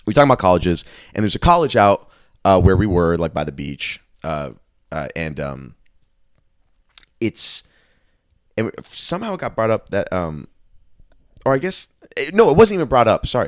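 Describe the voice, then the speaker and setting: A man's voice: lowish voice, very animated, moderate pace, no room sound, clean studio sound. A young man co-hosting a podcast, chatting casually and telling rambling stories full of restarts. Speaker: podcast co-host. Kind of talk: casual chat.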